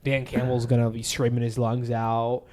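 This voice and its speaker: A man's voice: medium pitch, monotone, moderate pace, heavy background noise. A young man co-hosting a sports podcast, rambling casually, cursing and joking as he makes picks. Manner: rambling, swears freely, jokey. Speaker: podcast co-host.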